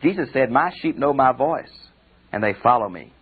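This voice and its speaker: A man's voice: mid-range voice, animated, normal speed, slightly rough. An older man, a pastor giving a conversational Bible commentary lecture and calling his listeners friends. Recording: tinny phone-like audio recording.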